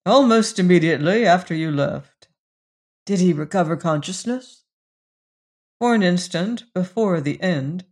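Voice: medium pitch, animated, measured pace. A reader voicing a sober country doctor giving grave news in an audiobook.

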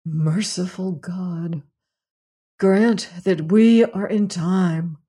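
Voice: medium pitch, a little slow, darkish tone, natural voice. A narrator voicing an older male doctor, grave and urgent, speaking in terse exclamations in an audiobook. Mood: prayerful. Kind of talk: audiobook character reading.

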